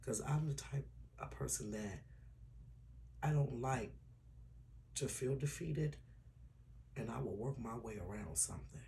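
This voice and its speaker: A man gives his followers a heartfelt vlog update. His voice is gravelly and hoarse from a tired throat. A faint hiss sits under the recording. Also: medium pitch, measured pace, pauses often, dark tone. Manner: earnest, personal and emotional, drops to a whisper at times. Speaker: YouTuber.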